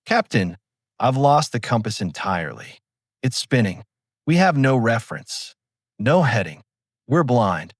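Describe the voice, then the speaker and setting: A man's voice: mid-range voice, big pitch swings, a little slow, dry recording, studio quality. A man voicing a shaken male navigator, urgent and breathless.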